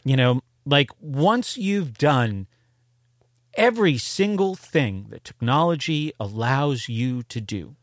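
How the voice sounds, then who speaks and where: A man's voice: mid-range voice, animated, slow pace, dry recording. A man guesting on a podcast, talking casually in a thoughtful, hesitant way with stammered restarts. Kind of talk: casual conversational discussion.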